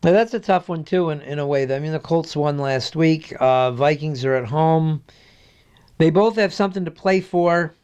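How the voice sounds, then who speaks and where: A man's voice: a little high, a little mellow, clear, resonant tone. Hesitant man giving football picks. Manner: measured, hesitant, many ums and restarts. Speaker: sports guest analyst. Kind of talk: casual sports picks chat.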